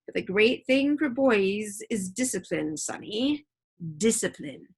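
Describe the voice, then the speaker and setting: A woman voicing a gruff old male pirate who swings between fawning and sneering, read aloud from a storybook. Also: medium pitch, lively intonation, slow pace, exaggerated voice. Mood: wheedling.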